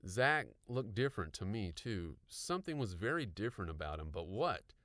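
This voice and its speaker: A man narrating an audiobook with expressive storytelling. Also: lowish voice, normal speed, no echo, studio quality.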